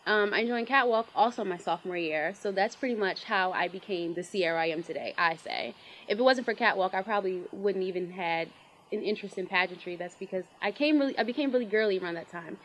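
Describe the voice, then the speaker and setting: Twenties woman, chatty bubbly guest, mid pitch, faint noise behind. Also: quick pace, a bit bright, low-quality recording. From Baltimore, Maryland. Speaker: pageant titleholder guest. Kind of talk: casual interview chat.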